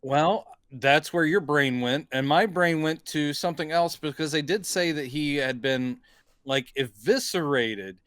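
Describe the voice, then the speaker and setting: Smooth-voiced man recapping a film. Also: fairly high pitch, measured pace, a bit bright, no echo. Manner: wry, dry recapping of scenes. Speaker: podcast co-host. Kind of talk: casual movie review chat.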